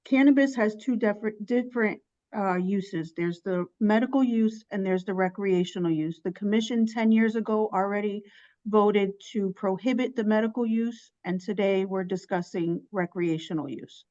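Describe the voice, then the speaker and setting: A woman's voice: mid-range voice, normal speed, warm tone, dull audio. A woman at a city zoning meeting who patiently explains the difference between medical and recreational uses.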